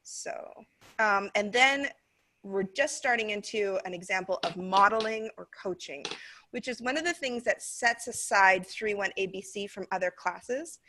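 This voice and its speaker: A woman's voice: mid-range voice, normal speed, bright, forceful tone. An American woman training teachers, explaining casually with fillers as she walks through a class recording. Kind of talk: casual training talk over a video.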